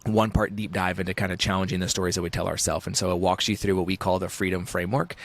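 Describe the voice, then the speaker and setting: Casting: deep, gravelly, quick-talking man, intense and emphatic author, thirties. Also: little pitch movement. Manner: intense, emphatic, repetitive for effect. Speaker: author and podcast host, guest. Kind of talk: interview guest on a talk show.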